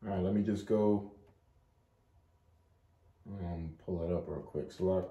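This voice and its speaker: A man giving an informal Bible study, chatting loosely and reading scripture aloud slowly. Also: sits low, fairly even intonation, dark tone, echoey room, dull audio. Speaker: Bible teacher.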